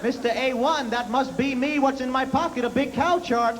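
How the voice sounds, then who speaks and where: A man's voice: extremely high pitch, lively intonation, brisk, pitched above the performer's own voice. A man voicing a paranoid older father with a New York accent, ranting in a whiny, exasperated way. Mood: sarcastic. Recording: reverberant hall with faint hiss.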